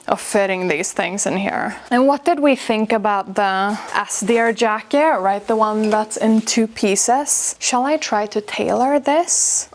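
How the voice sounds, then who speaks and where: A woman's voice: medium pitch, a little hiss or hum. A woman vlogger chatting casually about her winter coats, gushing with stacked superlatives. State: a bit out of breath from carrying coats. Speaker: fashion vlogger. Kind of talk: casual chat to camera.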